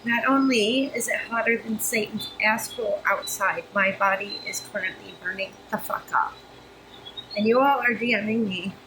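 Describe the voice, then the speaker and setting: A vlogger in her fifties vents frankly into a close-up phone camera, overheated, flustered and exasperated, swearing freely. Her mid-range voice is pushed and bright at a moderate pace, and the low-quality recording has a little hiss or hum.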